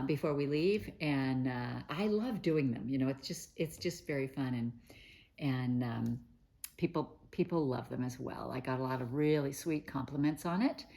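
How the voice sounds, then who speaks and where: Middle-aged lady host, low voice, gushy rambly chat about quilting trips. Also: moderate pace, mellow. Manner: chatty and gushing, many fillers and restarts. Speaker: host of a quilting news show. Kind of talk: casual chat to camera.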